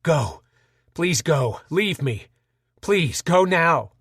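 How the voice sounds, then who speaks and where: A man voicing a wounded male sergeant who shouts frantic, desperate orders. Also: a little high, animated, drawn-out words, breathy edge, dry recording, clean studio sound, heavily acted.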